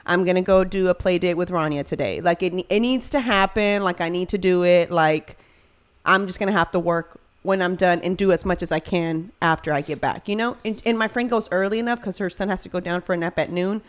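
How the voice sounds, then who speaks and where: A woman's voice: lowish voice, fairly quick, clean tone. A woman in her thirties, a mother, chatting casually on a podcast and acting out the voices in her stories. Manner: animated storyteller, acts out quoted voices. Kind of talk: casual chat.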